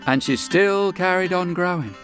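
A man telling a folk tale with unhurried, dramatic pauses and folksy asides, over guitar music. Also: sits high. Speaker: storyteller. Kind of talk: oral storytelling.

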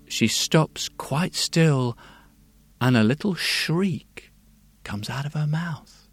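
Slow, hushed male storyteller with guitar. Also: fairly high pitch, lively intonation, gravelly, husky, dry recording. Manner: hushed, repetitive, lulling delivery. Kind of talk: slow fairy-tale storytelling.

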